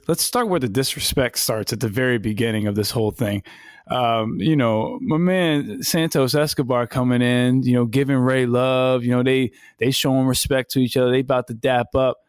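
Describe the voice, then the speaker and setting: A man co-hosting a wrestling podcast in casual chat, animated, acting out quotes in slang. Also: medium pitch, moderate pace, dry recording, studio quality. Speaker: podcast co-host.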